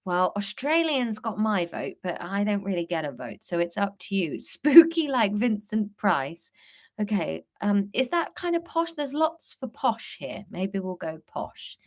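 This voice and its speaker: A woman's voice: medium pitch, sing-song, measured pace. A woman hosting a live story-writing stream, chatting and giggling as she reads out her story and the chat.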